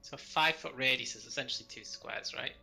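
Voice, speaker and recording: A man's voice: mid-range voice, creaky, pushed and bright, soft background music, rough recording. A man playing a tabletop game, talking casually and in stops and starts as he casts spells. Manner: chatty, stop-start, quick to laugh. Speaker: player casting spells.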